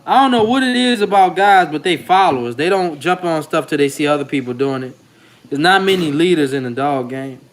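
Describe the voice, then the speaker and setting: A man hosting a dog-breeding video channel, speaking in a loose, slangy, rambling way. His voice sits a little higher than most men's. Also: fairly quick, slight background noise. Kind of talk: casual vlog commentary.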